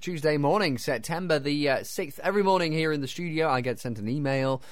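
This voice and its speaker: A man hosting a breakfast radio show in a studio, chatting casually, self-mocking and quick to laugh. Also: on the high side, no room sound. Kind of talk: casual chat with quiz. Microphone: studio microphone.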